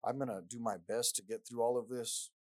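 A man preaching a sermon in an earnest way, often repeating words and growing loud as he reads scripture aloud. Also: medium pitch, fairly even intonation, fairly quick, dry recording, low-quality recording.

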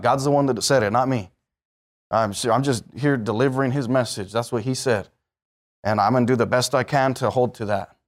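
A man preaching a sermon as pastor, emphatic, swinging between loud peaks and low asides.

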